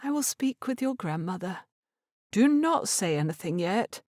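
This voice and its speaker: For a Regency audiobook, a woman voices a proud, stubborn middle-aged mother, pitching above her own natural voice. The delivery is brisk, clipped and weary, in a mid-range, slightly mellow voice with big pitch swings, recorded cleanly in a studio with no room sound.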